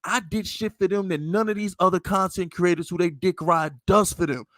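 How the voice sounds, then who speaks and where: Podcast host, a New York man with a high voice, emphatic and heated, delivered dry with no room echo. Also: fairly even intonation, fairly quick, a bit bright. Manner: heated, profane, emphatic venting. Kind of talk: casual sports podcast rant.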